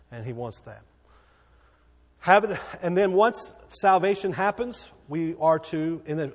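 Emphatic preacher in a reverberant hall. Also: male voice, a little high. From Texas. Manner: emphatic, repeats key phrases, preaching cadence. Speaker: pastor. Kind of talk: sermon. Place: church sanctuary. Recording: long reverb of a church hall.

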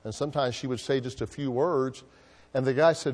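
A man's voice: mid-range voice, fairly even intonation, brisk, a little mellow, big-room sound. A male pastor preaching a sermon, drawing answers from the congregation with call-and-response questions.

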